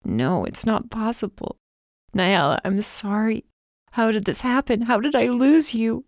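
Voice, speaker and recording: A woman voicing a gravely ill young man in an audiobook, speaking weakly and pleadingly, often near a whisper. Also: fairly high pitch, lively intonation, measured pace, no echo, studio quality, pitched above the performer's own voice. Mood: anguished. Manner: weak, hushed and pleading. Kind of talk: audiobook character voice.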